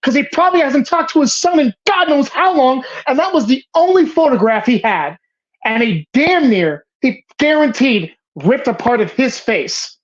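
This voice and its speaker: A woman with a high-pitched, expressive voice hosts a movie bracket show, talking about films casually and passionately at a moderate pace. She's emphatic and swears often, rambling with frequent restarts. The recording has a slightly dull lo-fi sound.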